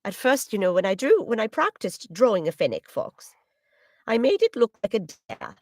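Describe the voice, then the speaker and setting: Lively, polite woman streaming from home. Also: medium pitch, moderate pace, no room sound, studio quality. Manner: polite, slightly formal wording; chatty, with frequent little laughs and throat clearing. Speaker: voice actor hosting a livestream signing. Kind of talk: casual livestream chat.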